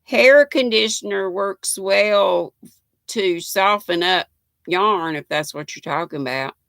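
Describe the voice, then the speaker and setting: An older Southern woman from North Carolina drawls slowly through a chatty live stream, reading viewer comments and greeting people by name in a homey, folksy way. Her mid-range voice is bright with a gravelly fry edge, recorded close and dry with no echo.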